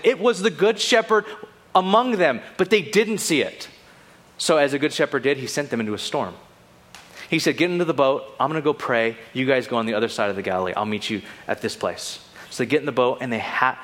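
Man preaching an animated sermon. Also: on the high side. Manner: animated, acts out quoted lines. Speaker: pastor.

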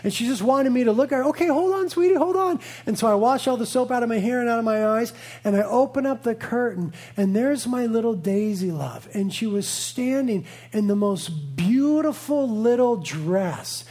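A man's voice: sits high, normal speed, a little mellow. A man in his thirties, a pastor preaching a sermon, telling a family story with playful asides and earnest conviction.

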